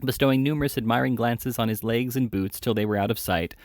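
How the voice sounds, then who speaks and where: A man reading a classic novel aloud at a steady pace, now and then correcting a slip. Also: medium pitch, quick pace, no room sound, clean studio sound. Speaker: audiobook reader.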